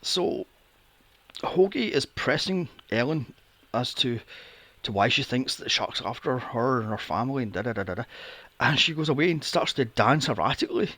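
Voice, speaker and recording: In a dry recording, a man speaking at normal speed co-hosts a movie podcast, casually and sarcastically discussing a film. He's animated throughout, imitating characters in high, silly voices to ridicule them.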